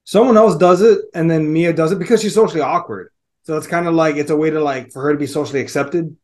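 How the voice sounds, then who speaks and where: A man talks through a film with his co-host in a loose, casual way. His voice sits a bit high, and his talk is peppered with fillers and swearing. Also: fast talker, a little mellow. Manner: loose and profane, lots of fillers. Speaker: podcast co-host. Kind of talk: casual movie chat.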